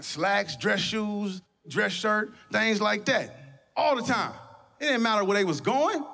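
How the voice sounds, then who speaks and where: A male stand-up comedian on a comedy stage, telling stories in an animated, conversational way into a handheld mic. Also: high-pitched, background noise. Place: comedy stage before an audience.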